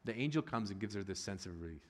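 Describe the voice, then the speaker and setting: A middle-aged male pastor with a fairly low voice preaches in a casual, joking way and now and then breaks into loud, excited bursts. His voice rings with the long reverb of a large church hall. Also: quick pace. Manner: conversational and humorous, rising to loud excited bursts. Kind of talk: sermon.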